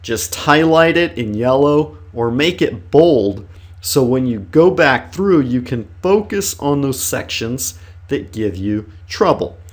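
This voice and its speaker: A male English teacher speaks at a notably slow, unhurried pace, setting out each study step for learners. His voice sits at an ordinary middle pitch, and his manner is deliberate and encouraging. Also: lively intonation. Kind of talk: instructional video lesson.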